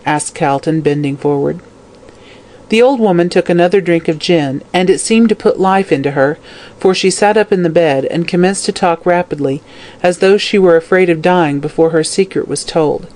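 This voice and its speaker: A narrator reading a classic crime novel aloud in a steady, scripted audiobook style. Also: medium pitch, normal speed.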